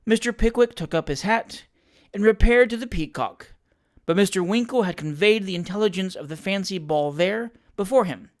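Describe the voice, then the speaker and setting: Measured classic-novel audiobook narrator. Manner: measured, lower-voiced narration between characters.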